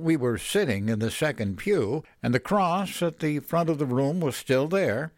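A man narrating a scripted horror story in a slow, measured way. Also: mid-range voice, dry recording, studio quality.

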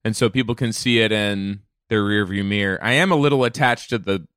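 A man's voice: on the low side, fairly quick, fairly bright tone, clear, resonant tone, no room sound, clean studio sound. A man co-hosting a comedy podcast, rambling as he riffs on absurd ideas in improvised banter. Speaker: podcast co-host.

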